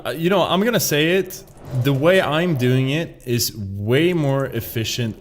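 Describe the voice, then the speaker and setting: A man's voice: mid-range voice, a little hiss or hum. A man streaming a video game, chatting casually and laughing at himself. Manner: rambling, laughing, self-mocking. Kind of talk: casual gaming commentary.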